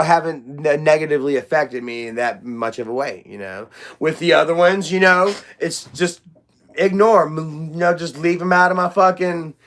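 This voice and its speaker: A man's voice: a little high, a bit bright. A young man hosting a casual livestream chat, rambling, loose and profane, with lots of fillers. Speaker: livestream host.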